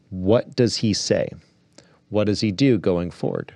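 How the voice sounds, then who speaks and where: A man with a lowish voice reads a book aloud on his podcast, stressing key lines with earnest, preacher-like weight. The recording is dry and close, with no room echo. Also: lively intonation, measured pace, gravelly, a little mellow. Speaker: podcast host. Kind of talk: reading a book aloud and discussing it.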